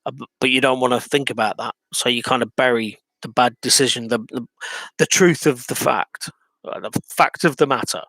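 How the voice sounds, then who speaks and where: A man's voice: mid-range voice, steady tone, brisk, gravelly, sharp tone, dry recording. Hesitant man speaking personally to camera, mid-range voice, dry room. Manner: hesitant, many ums and restarts, reflective. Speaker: vlogger. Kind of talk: personal monologue.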